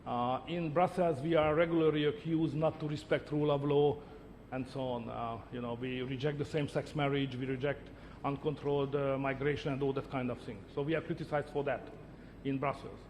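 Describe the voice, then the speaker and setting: A man's voice: mid-range voice, fairly even intonation, fairly quick, a little mellow, long reverb tail, a little hiss or hum. A middle-aged man whose first language is Hungarian, answering interview questions in emphatic short statements that repeat words. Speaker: interviewee, head of government.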